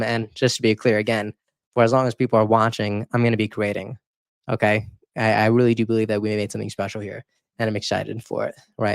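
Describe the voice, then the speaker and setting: A man hosting his channel, reacting to his own past videos in casual commentary, excitable and emotional, often stumbling over and repeating words. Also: on the low side, dry recording. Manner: emotional, near tears. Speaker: YouTube political commentator.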